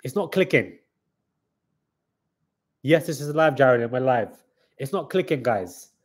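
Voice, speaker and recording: A young man hosting a live reaction stream, excitable and hyped, calling out "guys" often, with a slightly stuffy nose. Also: medium pitch, unhurried, slightly rough. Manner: excitable hype talk, keeps saying "guys".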